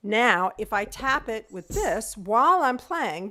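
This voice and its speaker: A woman's voice: a little high, very animated, takes it slowly, bright, forceful tone. A woman teaching an online group music lesson over a video call. She explains step by step, counts beats aloud and sings rhythm syllables to show them.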